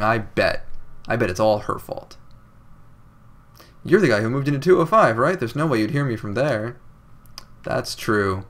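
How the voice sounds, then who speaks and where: A man's voice: on the low side, expressive, moderate pace, pauses often, fairly bright tone. Sarcastic young man joking through a game. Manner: sarcastic, jokey, reads game text with odd inflections. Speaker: let's play commentator. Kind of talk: casual game commentary reading dialogue aloud.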